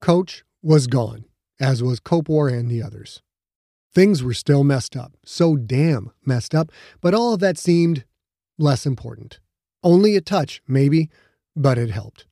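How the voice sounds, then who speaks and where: A man reading a novel aloud as narrator, measured and even. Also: mid-range voice, vocal fry, dry recording, studio quality. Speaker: audiobook narrator. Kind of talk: scripted narration.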